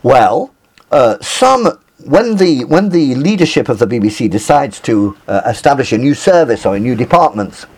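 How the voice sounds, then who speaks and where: A man's voice: mid-range voice, sing-song, moderate pace, darkish tone. A man giving a university lecture, hesitant, with many fillers and self-corrections.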